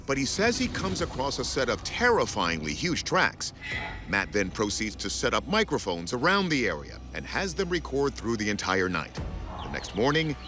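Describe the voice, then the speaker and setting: A man's voice: medium pitch, normal speed. A man narrating a documentary as host, in a scripted, dramatic delivery. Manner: dramatic, lively intonation. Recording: voice-over with music.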